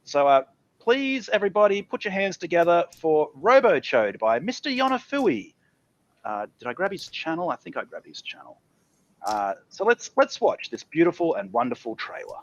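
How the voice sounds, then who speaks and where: Animated, exasperated stream host. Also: male voice, fairly high pitch, moderate pace, muffled recording. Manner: exasperated, profane. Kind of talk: live stream talk show.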